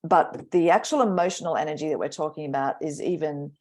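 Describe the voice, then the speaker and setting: Low-voiced woman astrologer, reflective. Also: darkish tone. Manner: reflective, slow, trailing pauses. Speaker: astrologer guest. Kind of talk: casual podcast chat.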